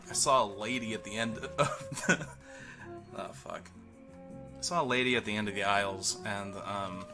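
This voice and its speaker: Young male streamer, low voice, crude rambling chat, music underneath. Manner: crude, laughs often, trails off and restarts. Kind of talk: rambling casual storytelling to a live chat.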